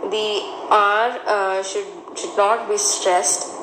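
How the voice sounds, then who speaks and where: A woman with an Indian English accent leads a slow pronunciation lesson, repeating each example word with careful pauses and frequent fillers. Her pitch sits in a middle range, and faint noise hums under the recording. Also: little pitch movement.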